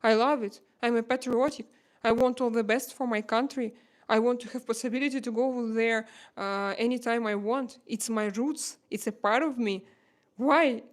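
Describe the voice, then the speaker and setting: A woman in her thirties from Russia, speaking English with a Russian accent as a livestream host, emotional and pleading, halting often to find words. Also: on the high side. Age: 30s. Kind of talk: casual livestream chat.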